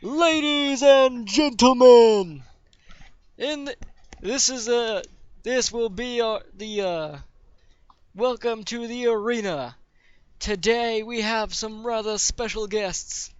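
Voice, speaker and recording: A man's voice: very high voice, takes it slowly, clean tone, no room sound, pitched above the performer's own voice. A man voicing a showy male arena announcer who stretches out his words and stumbles over the lines. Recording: dull dry lo-fi recording.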